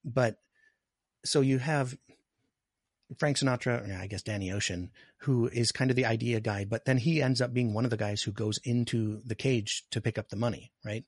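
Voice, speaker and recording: A man's voice: mid-range voice, fairly even intonation, normal speed, no echo, studio quality. A man in a casual film discussion, talkative and explaining at length.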